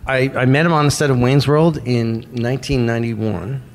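Gravelly man telling lively stories. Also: mid-range voice, moderate pace. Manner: animated storyteller, acts out quotes. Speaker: guest. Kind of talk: interview storytelling.

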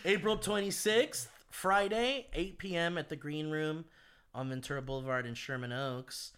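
A man's voice: fairly high pitch, normal speed, fairly bright tone, slight background noise. A male comedian co-hosting a podcast in laid-back, swearing, casual chat.

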